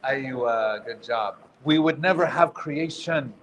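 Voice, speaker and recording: A man's voice: mid-range voice, slow, a little hiss or hum. A man leading a workshop as its teacher, speaking in a conversational way, quizzing the audience and throwing in jokes. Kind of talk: interactive workshop lecture. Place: workshop room with a live audience.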